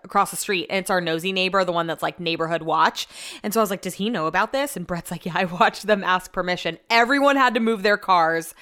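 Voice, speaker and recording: A woman's voice: mid-range voice, fairly bright tone. Chatty woman rambling on her podcast. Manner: chatty, rambling, quick to laugh. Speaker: podcast host. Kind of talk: casual solo chat.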